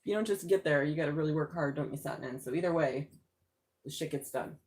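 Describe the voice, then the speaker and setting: Excitable, foul-mouthed tarot reader woman. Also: sits low, fast talker, breathy edge. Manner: excitable, swears freely, laughs often. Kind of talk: live-streamed tarot reading.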